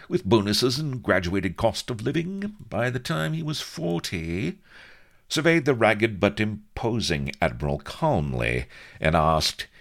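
A man reading a comic adventure story aloud as narrator, with wry, lively storytelling. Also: deep voice, gravelly. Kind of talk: audiobook narration.

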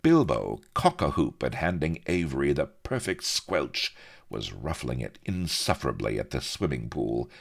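A man's voice: rumbling low, very animated, normal speed, gravelly. A man reading a story aloud in a theatrical, playfully ironic storytelling manner. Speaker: narrator. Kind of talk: audiobook narration.

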